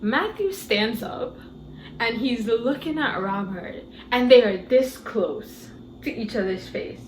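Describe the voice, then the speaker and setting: A woman giving a casual movie review, retelling scenes in an animated, incredulous way. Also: on the high side, a little slow, echoey room, slight background noise, rough recording.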